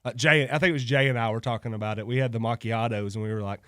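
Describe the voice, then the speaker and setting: A man's voice: mid-range voice, steady tone, rapid-fire, a bit bright, no room sound. A man hosting a local radio show, chatting loosely, joking and laughing between sponsor reads in a studio. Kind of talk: casual on-air chat with sponsor reads. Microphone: studio microphone.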